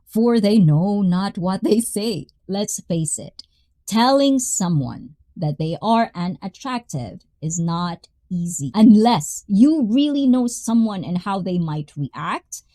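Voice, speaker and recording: A woman's voice: warm tone, dry recording. A woman talking casually to camera as a vlogger, reading lines aloud and reacting with frequent laughter. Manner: laughs often, breaks into high giggles; reads lines then reacts playfully.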